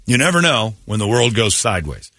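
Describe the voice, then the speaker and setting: A man hosting a morning rock radio show, telling stories in a blunt, animated way. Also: on the low side, fairly quick, dry recording. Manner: blunt, storytelling, animated retelling. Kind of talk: casual talk radio banter. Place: radio studio. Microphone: studio mic. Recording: dry close studio sound.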